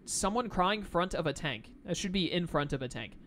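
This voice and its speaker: A man's voice: sits high, expressive, normal speed, fairly bright tone, slight background noise. A man giving casual, jokey commentary while playing a video game. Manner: laid-back, jokey, says "dude". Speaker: let's-play gamer. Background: faint game music.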